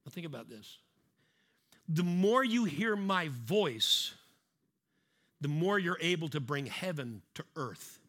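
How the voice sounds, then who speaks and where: A man's voice: on the high side, big pitch swings, takes it slowly, pauses often, fairly bright tone. A middle-aged man preaching a sermon in a conversational way, acting out little scenes and repeating key lines for emphasis. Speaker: pastor.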